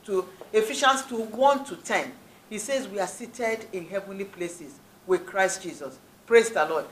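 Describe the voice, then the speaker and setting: A woman's voice: medium pitch, fairly bright tone. A woman preacher giving a sermon with scripture reading, emphatic, repeating key phrases and often saying "praise the Lord". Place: church hall. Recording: echoey church hall.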